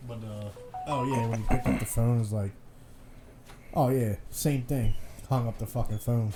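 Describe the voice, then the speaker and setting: A man's voice: mid-range voice, fairly even intonation, moderate pace, over music. A man co-hosting a podcast, telling funny stories in a laid-back, casual way and swearing often. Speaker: podcast co-host. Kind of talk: casual storytelling chat.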